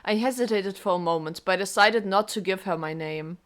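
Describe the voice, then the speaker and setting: A woman streamer reading a game aloud and reacting with emotional, expressive comments. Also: medium pitch, a little fast.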